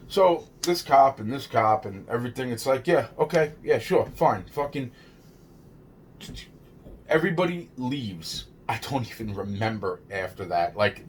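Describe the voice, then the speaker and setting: A man's voice: medium pitch, a little hiss or hum. Rambling, foul-mouthed man telling a story. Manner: rambling, heavy swearing, restarts and laughs. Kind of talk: casual personal storytelling.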